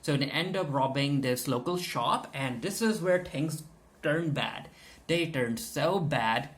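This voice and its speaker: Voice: mid-range voice, animated, slow. A reviewer giving a chatty, casual episode recap, full of fillers and acted-out character lines. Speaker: TV show reviewer.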